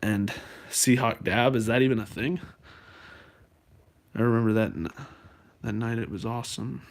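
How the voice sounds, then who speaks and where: A man with a mid-range, creaky voice talks at a moderate pace while live-streaming from home. He chats loosely with his viewers, rambling through fillers and restarts in casual live-stream talk.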